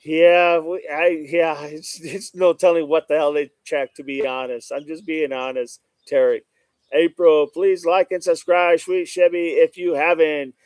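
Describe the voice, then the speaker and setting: Man, livestream host, fairly high voice, smooth and clear, dry close sound, reads chat aloud. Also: steady tone, a little slow, darkish tone, no echo. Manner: greets viewers by name, repeats "no doubt about it".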